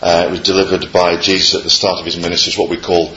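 A man's voice: deep voice, little pitch movement, fast, bright, forceful tone, slight background noise. A man preaching to a congregation, hesitant with many fillers and light jokes. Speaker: guest preacher. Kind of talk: sermon opening with a quiz. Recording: echoey, muffled, congregation audible.

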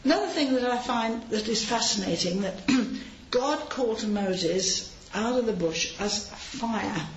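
A woman's voice: fairly high pitch, expressive, measured pace, hardly any pauses, a little hiss or hum. A woman giving an informal sermon, chatty and anecdotal, with frequent asides, recorded in a large hall. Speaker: preacher. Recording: roomy, slightly dull hall recording.

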